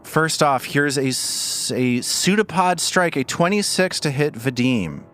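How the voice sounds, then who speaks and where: A man's voice: on the high side, big pitch swings, measured pace, a bit bright. A man running a tabletop game as game master, narrating scenes playfully and laughing often. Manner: playful, describes scenes vividly with frequent laughter.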